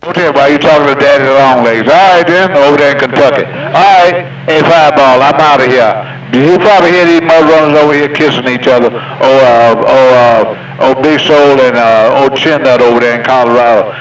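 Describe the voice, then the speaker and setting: A man's voice: medium pitch, moderate pace, few pauses, roomy sound. Man on a distant noisy CB radio. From Georgia. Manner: loose, joking, folksy drawl. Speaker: CB radio caller. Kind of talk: casual radio chat.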